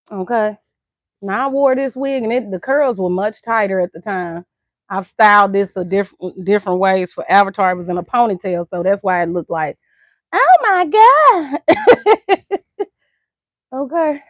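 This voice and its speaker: A middle-aged American woman with a Southern accent chats casually to camera for her vlog viewers, laughing often. Her voice sits in the mid range, and the dry recording has a dull lo-fi quality.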